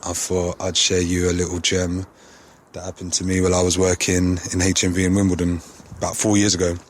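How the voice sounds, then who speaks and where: A man's voice: low voice, completely flat delivery, brisk, a little hiss or hum. A man telling a casual anecdote, full of slang and swearing. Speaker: storyteller.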